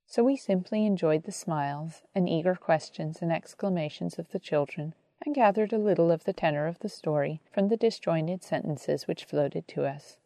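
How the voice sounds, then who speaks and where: A woman narrating an audiobook in a calm, reverent reading voice. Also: fairly low pitch, moderate pace, hardly any pauses, no room sound.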